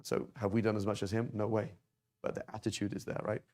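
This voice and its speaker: A man's voice: fairly low pitch, little pitch movement, fast talker, darkish tone. A man teaching an informal Arabic class, talking conversationally and tossing rhetorical questions at his students.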